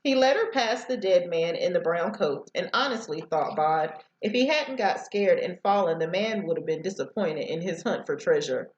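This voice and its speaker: Teacher lady reading a book out loud on a headset, trips over words now and then, roomy muffled audio. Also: lowish voice, animated, moderate pace, few pauses. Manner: stumbles and restarts over words. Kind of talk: reading a novel aloud to students.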